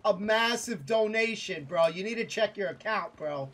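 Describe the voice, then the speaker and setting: A man streaming a game live, excitable and swearing a lot as he talks to viewers and a teammate. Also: high-pitched, moderate pace. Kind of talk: live gaming stream chat.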